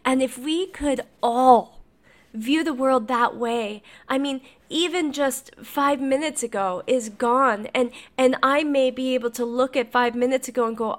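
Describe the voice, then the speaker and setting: A woman's voice: high-pitched, a little slow. A woman podcast host telling a teaching story in an earnest, reflective way, with frequent restarts. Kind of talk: motivational storytelling.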